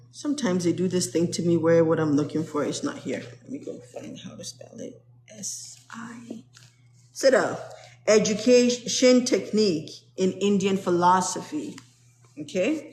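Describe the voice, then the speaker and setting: A woman's voice: lowish voice, darkish tone, a little hiss or hum. A woman who is a spiritual teacher, reading aloud from a spiritual text to an online group and explaining each passage in plain, earnest words. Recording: roomy echo.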